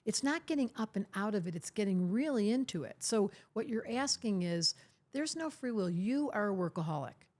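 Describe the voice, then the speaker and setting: Lively, emphatic older woman astrologer. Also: medium pitch, moderate pace. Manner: emphatic, teasing, acts out quoted voices. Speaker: astrologer, guest. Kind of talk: podcast interview conversation.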